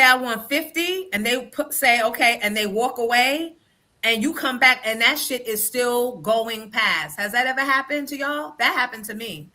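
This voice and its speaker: A woman hosting a casual chat show, telling stories in an animated and profane way. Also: on the high side. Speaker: show host.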